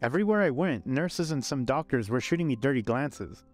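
A man narrating a scripted first-person love story in a calm, even way. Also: mid-range voice, a little fast. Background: faint background music.

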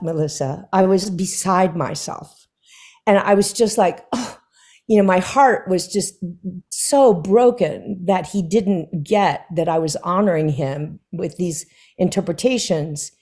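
A woman singer chats as a guest on stage, with a voice sitting a little low for a woman. She tells her stories with animation. She slips into the voices of the people she quotes and laughs along the way. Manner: animated storyteller who acts out quoted dialogue with laughs. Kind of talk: conversational anecdote telling. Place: stage conversation before an audience.

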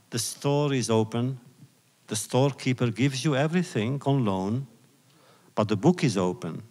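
A man giving a public lecture, retelling old rabbinic stories in a slow, deliberate, reflective way. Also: on the low side. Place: lecture hall. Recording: long hall reverb.

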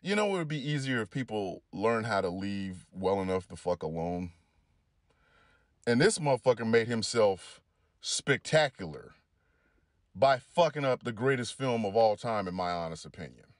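A man delivering a heated commentary rant, swearing heavily and pushing his voice up into loud peaks. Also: lowish voice, animated, moderate pace, dry recording, clean studio sound. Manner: heated, heavy swearing, rising into shouty peaks. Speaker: commentator reacting to clips. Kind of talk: profane rant.

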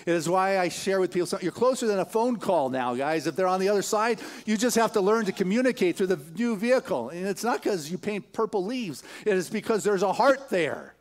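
Animated man preaching in a storytelling sermon. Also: high-pitched, a little fast, hardly any pauses. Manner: animated storytelling, building emphatic repetitions; casual, filler-heavy delivery with chuckles. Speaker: spiritual leader. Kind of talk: sermon retelling a film. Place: church sanctuary.

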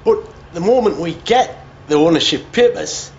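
An actor playing a decent, worried working-class builder in a television drama. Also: male voice, high voice, expressive, moderate pace, darkish tone, muffled recording. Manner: earnest, worried.

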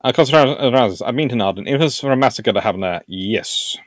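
Animated man hosting a history livestream. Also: mid-range voice, quick pace, dry recording. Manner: animated and jokey, puts on silly voices for nations. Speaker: naval history livestream host. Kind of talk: live stream talk answering chat.

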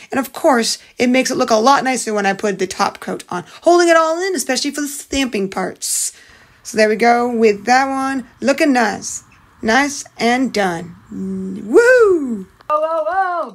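A woman narrating a casual nail art tutorial in a chatty, upbeat way, with rambling asides. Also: high-pitched.

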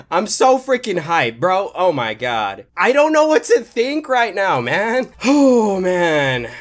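Excitable male vlogger, slangy unboxing chatter, lively pitch, voice cracks when hyped. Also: slow, few pauses. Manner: hyped, slangy, shouts and laughs in bursts. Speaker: YouTuber opening card packs.

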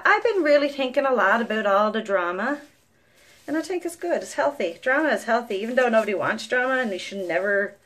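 High-pitched and casual, a young mother from Newfoundland, Canada, vlogs to camera with a thick Newfoundland English accent. Her monologue is chatty and rambling. She swears freely and laughs a lot as she tells her stories.

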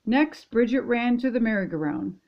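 An older woman, a grandmother reading a children's picture book aloud in gentle, steady storytelling. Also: on the high side, moderate pace, creaky, lo-fi sound. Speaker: storybook reader.

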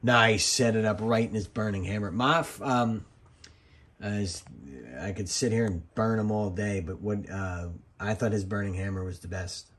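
Ex-ref guy talking over old wrestling tape, kinda husky, low, rambly and jokey. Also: steady tone, moderate pace, a bit bright. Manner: rambling, jokey, drifts into side stories. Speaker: former wrestling referee commentating. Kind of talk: casual commentary over old match footage.

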